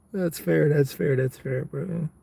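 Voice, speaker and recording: A man's voice: high-pitched, creaky, dark tone. A man, chatting casually with his viewers on a live stream from his car, laid-back and rambling, calling people bro and man. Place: inside a car.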